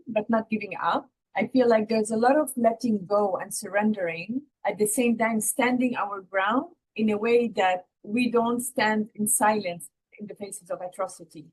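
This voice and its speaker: A woman's voice: mid-range voice, breathy edge, poor audio. A woman of Palestinian background hosting a podcast, speaking in a reflective, heartfelt way. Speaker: podcast host. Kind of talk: casual podcast conversation.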